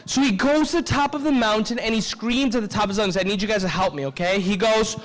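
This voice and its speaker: At a live convention session, a man tells a story to children, expressive and drawing the audience in with call-and-response. His voice is high-pitched and fast, and the audio quality is poor.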